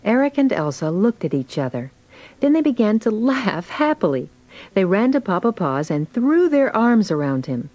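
A woman giving gentle, clear scripted narration of a storybook read-along. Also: mid-range voice, big pitch swings, moderate pace, low-quality recording.

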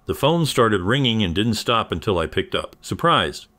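A man with a very low, deep voice telling a first-person story. He reads a scripted narration at an even, measured pace, keeping his delivery steady throughout.

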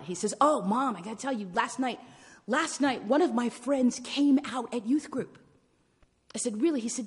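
A woman in her forties preaches through a personal story. Her high voice leaps and dips, and she drops to whispers before bursting out loud. The sound rings with a long church reverb. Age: 40s. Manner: animated, swings from hushed whispers to loud exclaiming. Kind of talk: storytelling sermon. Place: church sanctuary.

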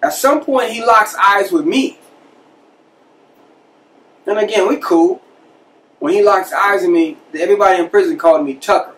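A man tells a story from his own past in a loose, conversational way. He slips into the voices of the people he quotes. His voice sits a bit high for a man and sounds set back from the microphone. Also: moderate pace, long pauses, distant mic, rough recording. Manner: conversational, animated retelling with quoted dialogue. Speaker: podcast host telling a personal prison story. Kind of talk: casual storytelling.

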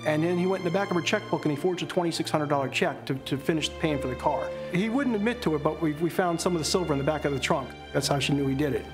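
Man, high voice, quick storytelling, doing his father's lines, faint music underneath. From Maryland, USA. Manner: animated anecdotes, mimics his father's lines. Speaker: interviewee, son of the subject. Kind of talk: documentary interview storytelling.

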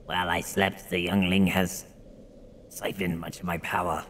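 A deep, ancient ice spirit speaks in a slow, grave, drawn-out voice, as a man puts it on while playing a game. The tone is ominous and solemn, pitched well below an ordinary man's talk, with a faint hiss of noise underneath. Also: flat delivery, a bit bright. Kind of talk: gameplay dialogue read in a put-on voice.

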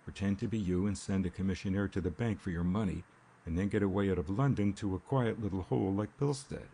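A man voicing a nervous, uneasy chauffeur in an audiobook, speaking haltingly and doggedly. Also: low voice, warm tone, husky. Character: nervous working-class male chauffeur. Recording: faint rain ambience behind.

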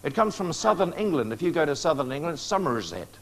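A man's voice: on the high side, animated, fast, vocal fry. A man preaching a prophecy lecture to a live audience, coaxing responses with questions and joking asides.

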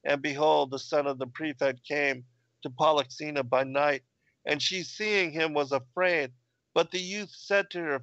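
A man narrating an ancient text in a fairly high voice. The sound is dull and dry, with no room around it. His delivery stays plain and measured. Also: steady tone, a bit bright, no echo. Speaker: reader of ancient texts.

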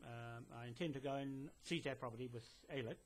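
A man with a mid-range voice and fairly even intonation speaks a little fast. As a land claimant addressing a police detective directly to camera indoors in a building, he rambles, restarting and using many fillers, in an insistent, lecturing manner.

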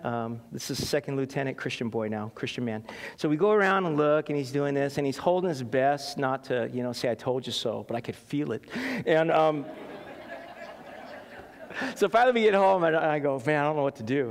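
A man's voice: medium pitch, moderate pace. A middle-aged man, preaching a sermon as pastor, telling stories with laughs and acting out quotes. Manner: animated storytelling with laughs and acted quotes. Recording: long hall reverb.

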